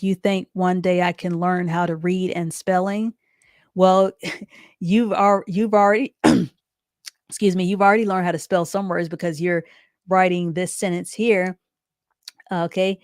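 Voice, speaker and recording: Woman, low-pitched, dry close sound patient reading teacher for a live online class, walks through every step and repeats it. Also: darkish tone, no echo. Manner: reads sentences out slowly and deliberately.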